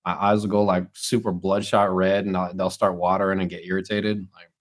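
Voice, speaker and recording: A man's voice: low-pitched, level tone, brisk. A young man co-hosting a podcast in casual chat, a rambling storyteller talking through a stuffed-up nose. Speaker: podcast co-host.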